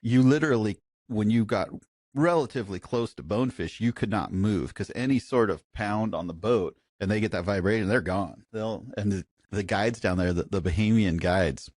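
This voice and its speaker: A man's voice: lowish voice, moderate pace, dry recording, studio quality. A man co-hosting a casual podcast chat, telling funny anecdotes with frequent laughs. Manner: anecdotal, laughing, animated storyteller. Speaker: podcast co-host.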